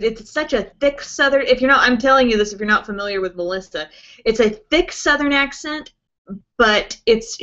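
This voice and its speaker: A woman beauty vlogger chats loosely through viewer questions on a live stream. She rambles along with plenty of fillers, and her voice is bright and a little sharp. The stream audio is dull and lo-fi. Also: fairly high pitch. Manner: chatty, rambling, with many fillers like "um" and "like". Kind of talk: casual chat answering viewer questions.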